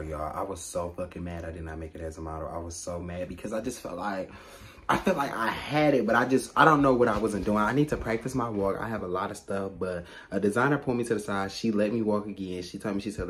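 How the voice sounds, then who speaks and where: A man's voice: lowish voice, fairly quick, slight background noise. Chatty young man vlogging. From Michigan. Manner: chatty, excitable, keeps addressing viewers as y'all, swears freely. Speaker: vlogger and stylist. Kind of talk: casual vlog talking to camera. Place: in a car.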